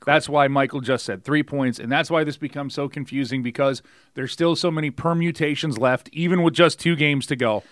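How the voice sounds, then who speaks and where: This is a middle-aged man co-hosting a sports podcast, chatting in a laid-back, jokey and lively way. His voice sits a touch higher than most men's. The sound is close and dry, with no room around it. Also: fairly quick, dry recording. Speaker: podcast co-host. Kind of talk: casual sports podcast chat.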